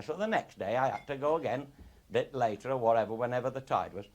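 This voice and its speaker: A middle-aged raconteur tells comic stories to a live audience in an earthy, swearing style, chuckling along. His medium-pitched voice is sing-song and fairly quick, with a noisy background.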